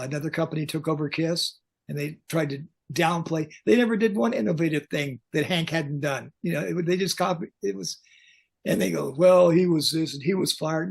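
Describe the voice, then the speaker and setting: A man's voice: a little high, vocal fry, slightly rough. An older man, a veteran pyrotechnics technician, telling blunt, joking stories in an interview over a video call. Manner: blunt, joking, animated anecdotes. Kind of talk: casual storytelling interview.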